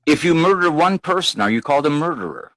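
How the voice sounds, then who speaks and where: A man's voice: fairly high pitch, lively intonation, fast talker, a bit bright, no room sound, poor audio. A man on an online panel asking pointed rhetorical questions and repeating himself to get a word in. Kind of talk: heated argument.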